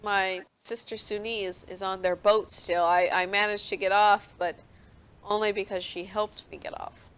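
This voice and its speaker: A woman voicing a wary, anxious young woman of about eighteen who speaks haltingly. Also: mid-range voice, steady tone, fairly bright tone, clear, resonant tone, natural voice. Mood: pleading. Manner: hesitant, halting speech.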